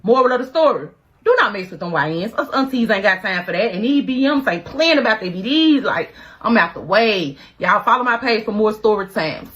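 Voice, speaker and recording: A woman's voice: mid-range voice, expressive, a little fast, fairly bright tone, slightly rough, dry recording, poor audio. A woman telling a dramatic storytime in slangy, punchy talk full of sound effects. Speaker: storytime creator. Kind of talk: animated storytime.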